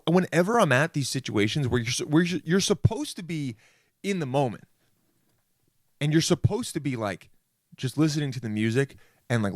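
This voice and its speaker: Young guy rambling thru a funny solo podcast bit, keeps saying dude, mid pitch, dry sound. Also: no echo. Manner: rambling, self-interrupting, says "dude" a lot. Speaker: podcast host. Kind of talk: comedic solo monologue.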